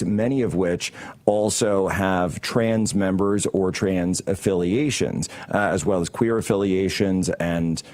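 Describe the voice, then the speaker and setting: In a broadcast studio, a man hosting a political talk show delivers heated commentary that is combative, sarcastic and mocking. His voice is deep and a little mellow.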